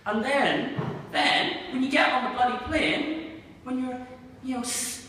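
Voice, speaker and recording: Performing stand-up in a small venue, a young man from Northern Ireland rambles through a set of sardonic, self-deprecating asides. His voice is extremely high, bright and forceful at a measured pace. A distant mic captures the echoey hall, audience laughter and slight background noise.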